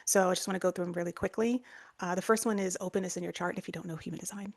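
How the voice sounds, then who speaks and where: A woman's voice: lowish voice, steady tone, rapid-fire, creaky, a little mellow. A woman co-hosting a podcast, explaining ideas in a casual, chatty way with lots of fillers and restarts. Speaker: podcast co-host.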